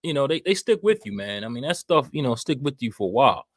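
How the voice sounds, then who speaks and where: A man's voice: medium pitch, sing-song, quick pace, no room sound. A man co-hosting a relationship talk show, laid-back and reflective. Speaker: podcast co-host.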